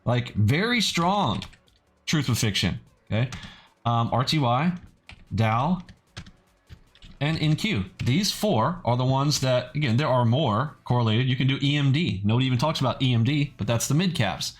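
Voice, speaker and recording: A man's voice: medium pitch, lively intonation, normal speed. A man hosting a trading channel in a casual, blunt and skeptical way, often adding "okay" as he talks. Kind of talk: casual video commentary.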